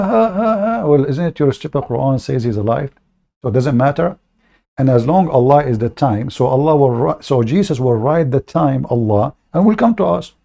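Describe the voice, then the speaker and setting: A man hosts a debate livestream in a gravelly, mellow voice. He talks in a mocking, sarcastic way, stopping often on fillers as he goes. His pitch sits in the middle range. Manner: halting, many fillers. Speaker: online debate host. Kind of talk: livestream commentary.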